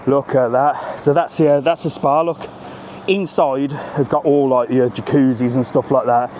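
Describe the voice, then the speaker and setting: A man's voice: mid-range voice, measured pace, a little hiss or hum. A middle-aged man giving a chatty live walking tour of a hotel resort, talking to his phone camera as he goes. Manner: chatty, animated, keeps saying "look". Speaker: travel vlogger. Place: outdoors around a hotel resort.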